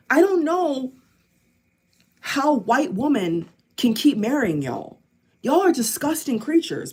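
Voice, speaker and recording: A woman's voice: fairly high pitch, a little mellow, breathy edge. A woman from the United States vlogging an angry political rant to camera, hammering the same phrases again and again. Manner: heated, repeats phrases over and over.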